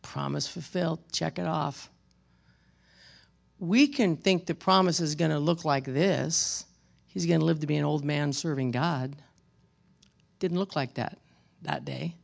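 Gravelly pastor preaching a sermon. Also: medium pitch, a little slow, pauses often. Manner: emphatic preaching, swinging between loud exhortation and quiet storytelling; addresses congregation members by name, with wry asides.

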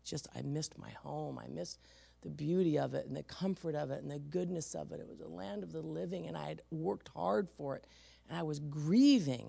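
A woman's voice: low-pitched, vocal fry, a little mellow, dry recording. A middle-aged woman from San Francisco preaching a sermon, telling personal stories and acting out the voices she quotes with emphasis.

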